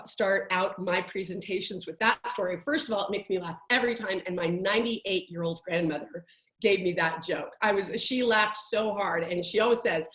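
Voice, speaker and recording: A woman life coach giving a conversational workshop talk, telling stories in a chatty, animated way with many restarts. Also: mid-range voice, normal speed, echoey room.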